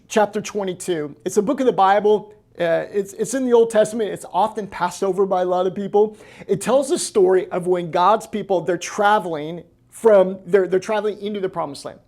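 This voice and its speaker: An American man in the role of pastor, preaching a lively sermon and acting out quoted voices. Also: high voice.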